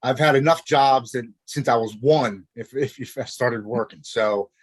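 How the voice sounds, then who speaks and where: A Maryland man in his forties, appearing as a podcast guest, tells his personal recovery story in a mid-range voice with no echo. He sounds earnest and halting, often restarting his sentences.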